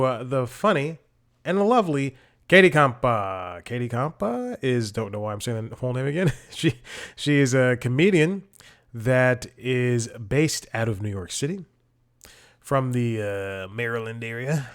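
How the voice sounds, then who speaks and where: A man hosting a podcast, giving a casual, rambling intro with self-corrections and chuckling asides. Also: medium pitch. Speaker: podcast host.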